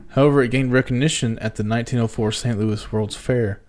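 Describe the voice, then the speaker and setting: A man's voice: medium pitch, fairly even intonation, a little fast, darkish tone. Dry, wry man, casual chat. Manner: dry, wry, reads facts aloud off a screen.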